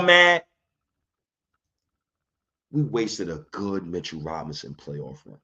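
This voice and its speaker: A man hosting his own sports podcast launches into a fired-up, slangy rant. His voice is bright and forceful, and the recording sounds dull and lo-fi. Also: low voice, huge pitch swings, takes it slowly, pauses often, soft background music. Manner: heated, fired-up, slangy and emphatic.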